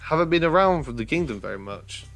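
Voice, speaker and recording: A man voicing an eager, dreamy young girl with high, breathless questions, reading a storybook aloud. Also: animated, quick pace, a bit bright, faint music behind.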